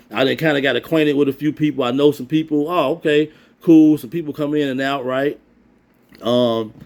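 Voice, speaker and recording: A man casually telling a personal story, animated and acting out sounds and quoted voices. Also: mid-range voice.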